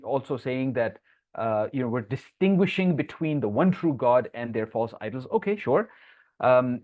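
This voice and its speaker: A man teaching a live online Quran lesson. He explains each point, answers viewers' comments from the chat, and recites Arabic verses quickly between his English explanations. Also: mid-range voice, dry recording. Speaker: Islamic teacher. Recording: tinny phone-like dry sound.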